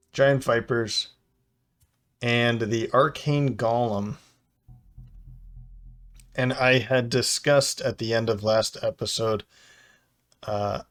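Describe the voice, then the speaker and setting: A man playing a video game and talking through his choices, hesitant and full of small restarts and fillers. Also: mid-range voice. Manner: hesitant, fills pauses with "uh". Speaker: game commentator. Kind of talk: thinking-aloud gameplay commentary.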